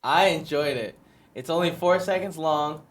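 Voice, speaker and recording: A man's voice: a little high, moderate pace. A man producing a casual show, chiming in with dry quips. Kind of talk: casual chat.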